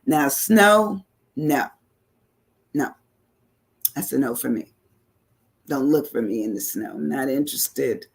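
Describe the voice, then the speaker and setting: A woman's voice: extremely low pitch, very animated, slow pace, creaky, long pauses, slightly rough. A woman hosting an online talk show, chatting casually and reflectively as she reads viewer comments aloud, with many "you know" asides.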